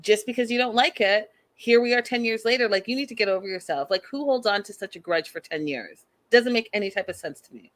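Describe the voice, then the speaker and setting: A woman's voice: mid-range voice, brisk, hardly any pauses, fairly bright tone. A woman hosting a casual live recap show, chatting and reading viewer comments with exasperation. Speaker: podcast host recapping a reality show.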